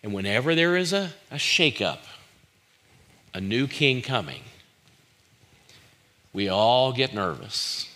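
Bright-voiced male pastor preaching. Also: medium pitch, very animated, takes it slowly, pauses often. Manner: conversational preaching with rhetorical questions, acts out quotes. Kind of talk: sermon.

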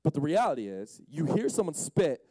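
High-voiced man preaching with jokes. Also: sing-song, normal speed, warm tone, slightly rough, no room sound, low-quality recording. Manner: jokey, acts out scenes in quoted voices. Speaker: youth speaker. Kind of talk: humorous Bible-story preaching.

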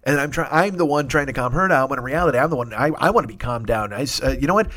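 Brief: middle-aged male host, mid-pitched, swears constantly, excitable and rambling. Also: fast talker, few pauses. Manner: profane, excitable storyteller. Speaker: podcast host. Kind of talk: rambling comic monologue.

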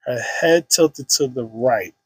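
A man's voice: mid-range voice, takes it slowly, breathy edge, no echo. A man in his thirties, a podcast guest, telling an emotional personal story in casual slang full of restarts and fillers.

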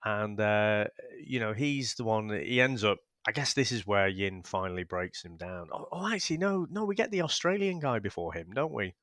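A man's voice: lowish voice, animated, normal speed, hardly any pauses, a bit bright, dry recording, clean studio sound. A man co-hosting a casual film review podcast, rambling and laughing as he talks. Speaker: podcast co-host.

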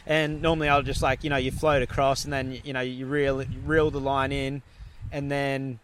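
A young man telling a story in a casual, animated way, swearing and laughing as he goes. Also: mid-range voice, moderate pace, slight background noise.

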